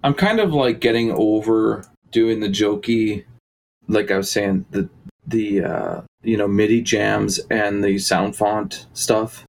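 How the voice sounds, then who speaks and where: A man's voice: on the low side, slow, creaky, rough recording. A man talking casually as a musician guest in an interview, rambling with many fillers and restarts. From Canada.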